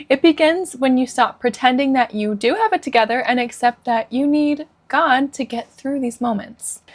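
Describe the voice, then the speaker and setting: A woman who coaches Christian women gives an earnest, encouraging devotional teaching talk and asks her listeners questions. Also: a little high.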